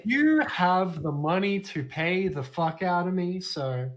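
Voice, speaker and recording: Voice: mid-range voice, animated, takes it slowly, slight background noise. A speaker with an Australian accent chatting casually and joking as a guest on a podcast. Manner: joking, laid-back storytelling.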